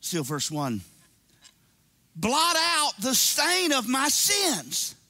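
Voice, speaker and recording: A man preaching a sermon, swinging between shouted emphasis and low conversational asides, repeating phrases for emphasis. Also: huge pitch swings, drawn-out words. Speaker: pastor.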